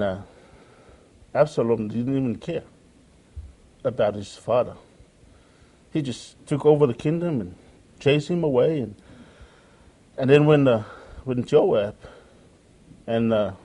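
A preacher with a mellow, warm, mid-range voice delivers a sermon earnestly. As he quotes scripture, he keeps circling back to repeat phrases.

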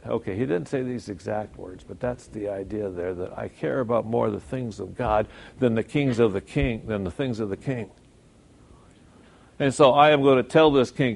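Gravelly voiced guy preaching a sermon, chatty, lots of rhetorical questions. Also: mid-range voice, animated, a little slow, long pauses, darkish tone. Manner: conversational, rhetorical questions, self-corrections.

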